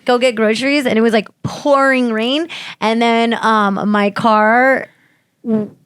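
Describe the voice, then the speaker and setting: A woman telling stories in a casual podcast chat, animated and swearing freely. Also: measured pace, smooth, dry recording, studio quality. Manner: animated storyteller, jumps into high voices for quotes. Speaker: podcast co-host.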